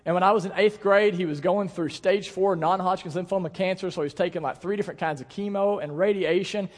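In a church sanctuary with long reverb, a thirty-something pastor preaches in a high, steady-toned voice. His delivery is earnest and emphatic, stretching out key words, with playful storytelling woven in.

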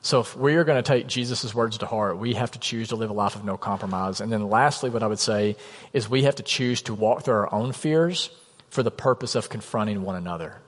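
In an echoing church hall, a pastor with a lowish voice delivers a fairly quick sermon. He preaches conversationally and acts out quotes, and long hall reverb colors the recording.

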